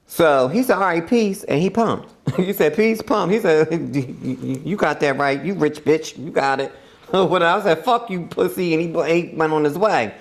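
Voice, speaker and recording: A woman's voice: deep voice, normal speed. A woman podcast host telling a story in casual, profane chat, acting out quotes and laughing often.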